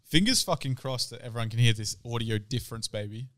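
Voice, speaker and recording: A man's voice: medium pitch, fast. A man co-hosting a casual podcast, telling stories with lots of swearing and animation. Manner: animated storytelling, swears freely. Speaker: podcast co-host. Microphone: studio podcast mic.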